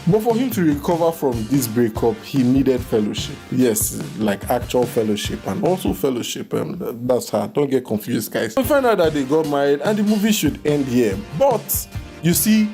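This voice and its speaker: A man's voice: mid-range voice, expressive, normal speed, hardly any pauses, mellow, soft background music. A young Nigerian man with a Nigerian accent, recapping a film in a joking, teasing way. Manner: joking, teasing, playful asides with laughs. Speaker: movie recap host. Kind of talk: comedic movie recap.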